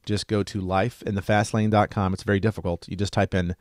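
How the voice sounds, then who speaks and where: Chatty, low-voiced male medical educator. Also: flat delivery, a little fast, no room sound, studio quality. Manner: chatty and enthusiastic, light joking. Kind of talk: casual screen-share lesson.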